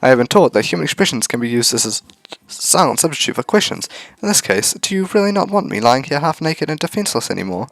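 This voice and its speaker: A man voicing a formal, deadpan young female robot, reading a visual novel aloud. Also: medium pitch, quick pace, gravelly, hardly any pauses, dry recording, pitched above the performer's own voice. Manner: stiff, formal phrasing.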